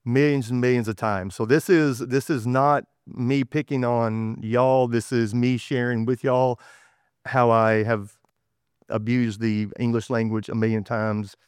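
A man's voice: mid-range voice, flat delivery, measured pace, a little mellow, clean tone, no echo, clean studio sound. A man with a Texas accent preaching a conversational sermon, folksy and self-correcting as he goes. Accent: Texan. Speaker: pastor.

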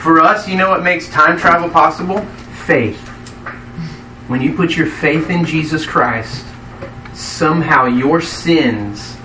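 A man preaches a sermon in an easy, conversational way, often putting questions to his listeners. His voice is bright and a little high, and it rings through an echoey hall, picked up from some distance by the mic. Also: a little hiss or hum. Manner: conversational, asks the congregation questions. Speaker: pastor.

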